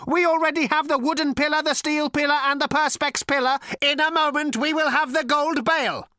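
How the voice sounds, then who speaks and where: A man voicing an ancient, lifeless male robot with a cold, cultured rasp and a flat, patient, solemn manner. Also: very high voice, fairly quick, no echo, studio quality, pitched above the performer's own voice.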